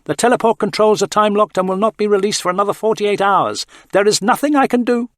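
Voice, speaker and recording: A man's voice: sits high, fast talker, no room sound, studio quality, pitched above the performer's own voice, close to an everyday voice. A man voicing a cold, self-preserving ship computer in an audio story, speaking tersely and emphatically. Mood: emphatic. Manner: terse, flat insistence.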